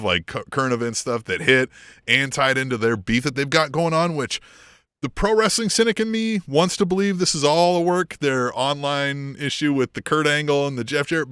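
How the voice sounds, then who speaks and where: A man's voice: mid-range voice, normal speed, a bit bright, clean tone, no room sound, clean studio sound. A man co-hosting a wrestling podcast, chatting casually, swearing freely, laughing often and acting out voices of the people he talks about. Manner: profane, laughing, acts out quoted voices. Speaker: podcast co-host.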